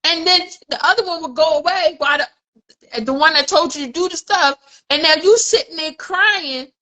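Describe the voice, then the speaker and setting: A woman's voice: extremely high pitch, normal speed, pushed and bright, rough recording. A woman in her forties talking candidly in a casual podcast conversation. She tells personal stories and acts out the voices in her head. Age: 40s. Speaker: podcast co-host.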